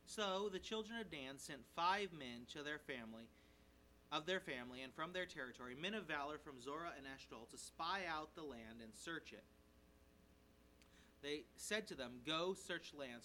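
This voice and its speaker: A male pastor preaching an expository sermon in a conversational, animated way, checking in with his listeners and briefly acting out the characters' lines. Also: fairly high pitch, slight background noise, low-quality recording. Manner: animated, voices the characters' lines in quick asides. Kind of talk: sermon, expository Bible teaching.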